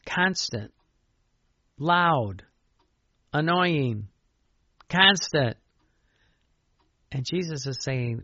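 A man's voice: a little high, animated, very slow, long pauses, bright, forceful tone, dry recording, highs cut off. An older man, a priest, preaching a sermon in an anecdotal, conversational way and chanting repeated lines of prayer.

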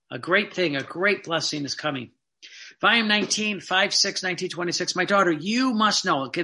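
Giving a Catholic sermon, a man reads out devotional passages and breaks in with plain, earnest explanations. His voice sits high, with a bright, forceful tone.

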